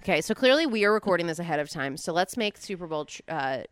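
A woman's voice: on the low side, expressive, fast talker, clear, resonant tone, dry recording. A woman in her thirties from New Jersey, co-hosting a casual podcast chat with playful, teasing banter. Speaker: podcast co-host.

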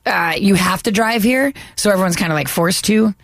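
A woman from the northeastern United States on a casual panel, animated and emphatic. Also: medium pitch, normal speed, creaky, dry recording, studio quality. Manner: animated, emphatic, laughs often. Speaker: panel guest.

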